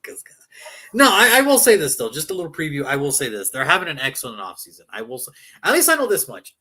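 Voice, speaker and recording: Lively bright-voiced man in sports banter. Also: mid-range voice. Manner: animated, joking, mock-quoting people, repetitive. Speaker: sports show co-host.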